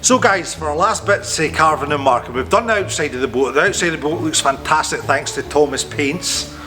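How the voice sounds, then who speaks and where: A man's voice: fairly high pitch, fairly quick, sharp tone, faint music behind. Self-mocking man fluffing his lines. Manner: stumbling, self-mocking, swears at his own slips. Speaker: boat-building vlogger. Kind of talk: casual to-camera vlog outtakes. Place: aboard a boat under construction, indoors.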